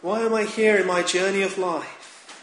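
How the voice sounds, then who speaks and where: A man preaching a sermon in a slow, measured, solemn manner, with emphatic rises on key lines. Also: high-pitched, fairly even intonation, fairly bright tone. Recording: echoey room with faint ambient noise.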